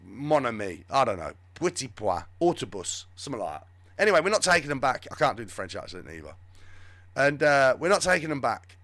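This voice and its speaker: A man's voice: medium pitch, sing-song, fast talker, pushed and bright, no room sound. A man hosting a live show, giving rambling, sarcastic, off-the-cuff commentary on the news. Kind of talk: live political commentary chat.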